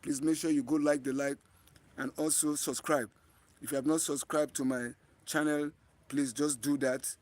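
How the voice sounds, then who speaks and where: Man, Nigerian accent, livestream host, outdoors, earnest, repeats himself, fairly high voice. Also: little pitch movement, normal speed, a little mellow. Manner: earnest, repetitive, often restarts phrases. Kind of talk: live-streamed talk to viewers. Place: outdoors in bright sun.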